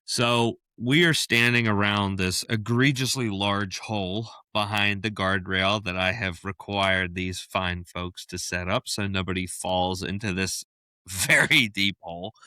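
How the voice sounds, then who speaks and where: Podcast co-host, male, lower pitch, very bright and forceful tone, dry close sound, animated storyteller who keeps breaking into laughs. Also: clear, resonant tone, dry recording. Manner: animated storyteller, laughs often mid-sentence. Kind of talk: casual storytelling chat.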